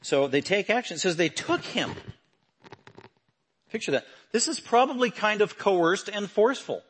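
Husky-voiced man preaching emphatically. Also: high-pitched, sing-song, normal speed. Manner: emphatic, building to loud forceful proclamations. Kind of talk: sermon.

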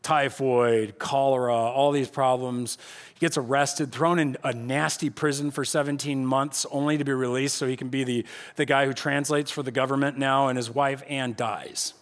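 A middle-aged male pastor preaching a sermon on a church stage, telling the story with lively acted-out voices. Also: medium pitch, normal speed. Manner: animated storytelling, acting out voices of the people.

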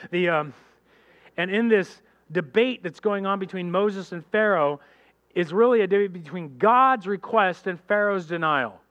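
A man preaching a sermon as pastor, animated and addressing the congregation directly, acting out characters in quick voices. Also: sits high, muffled recording.

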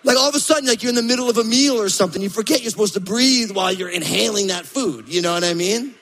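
Guy pastor preaching, high bright voice, acts out little stories, echoey church hall. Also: fast. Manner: animated storytelling, acts out quotes. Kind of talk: sermon.

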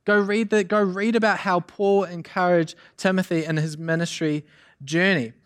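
A young man preaching a sermon as youth pastor, energetic and chatty with many asides and fillers. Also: high voice, moderate pace. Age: young adult.

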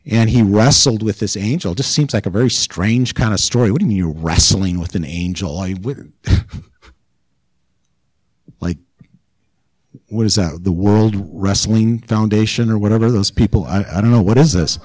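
A man's voice: lowish voice, normal speed, pauses often, darkish tone, no room sound, low-quality recording. A man pastor giving a sermon in an informal, chatty way, growing more intense as he presses a point. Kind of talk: conversational sermon.

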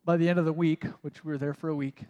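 A man's voice: a little high, flat delivery, fast talker, a little mellow, dull audio. A man preaching a conversational sermon as a pastor, casual and self-mocking, with many "like" asides. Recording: long reverb of a large hall.

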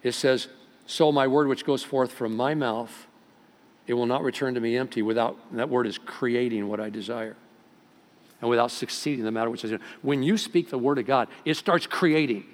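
A pastor preaching a sermon, with sudden rises in loudness and pitch, in a church sanctuary. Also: male voice, steady tone, normal speed. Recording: long hall reverb.

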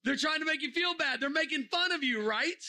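Preaching to a young crowd, a man with a very high voice speaks briskly, animated and joking. He fires off rhetorical questions and now and then breaks into shouting.

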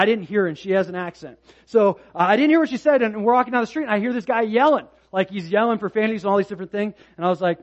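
A young adult man preaching a sermon as pastor, telling stories in an animated way and building to loud, emphatic points. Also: sits high. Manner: animated storytelling, rising to loud emphatic passages. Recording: dull lo-fi sound.

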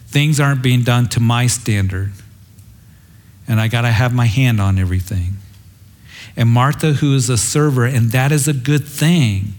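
A man's voice: mid-range voice, normal speed. Middle-aged male pastor, sermon delivery, earnest and reflective, mid-range voice. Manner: earnest, reflective, quotes scripture tenderly.

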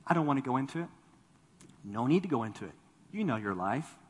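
A male pastor preaching a sermon, rising to loud bursts and dropping low, often repeating words as he starts a thought. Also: fast, slightly rough, long reverb tail. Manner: animated preaching, voice swelling then dropping low.

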